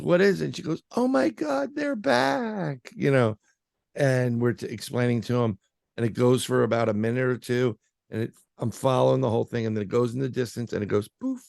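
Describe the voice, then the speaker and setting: A man's voice: mid-range voice, vocal fry, a little mellow, no room sound, studio quality. A man being interviewed as a paranormal researcher, telling a story in a casual, rambling way with lots of fillers and restarts.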